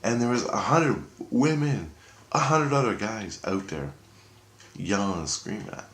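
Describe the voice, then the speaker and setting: Low-voiced man, profane excitable storyteller, roomy echoey recording. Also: measured pace. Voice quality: profane, excitable, talks in restarts. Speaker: vlogger. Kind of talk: rambling first-person storytelling.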